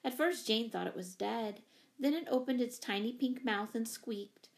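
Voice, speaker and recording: A woman narrating a children's story in an even, expressive reading. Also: fairly high pitch, normal speed, gravelly. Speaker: audiobook reader. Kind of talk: scripted narration.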